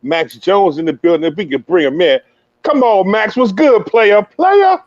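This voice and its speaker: A man's voice: sits high, animated, moderate pace, no room sound, highs cut off. A man hosting a casual podcast interview, talking in a hype, slangy, playful banter style. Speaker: podcast host interviewing a youth player.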